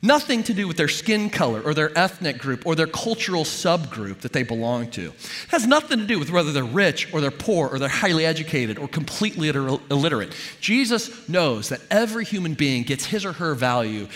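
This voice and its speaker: A man preaching a sermon as a pastor, talking to his listeners in an animated, emphatic, conversational way. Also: a little high, brisk, long reverb tail.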